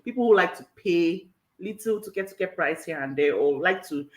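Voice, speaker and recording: On a poor, roomy-sounding recording, a coach hosts a live online workshop at normal speed. Her voice is on the low side with lively intonation. She talks with emphasis, repeats herself, uses "all right" frequently, and often laughs mid-sentence.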